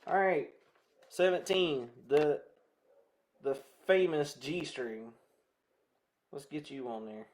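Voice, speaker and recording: A man's voice: a little high, slow, long pauses, a little mellow. A man with a Southern American accent chatting in a rambling way to viewers while he restrings a guitar. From southern United States. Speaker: guitar vlogger.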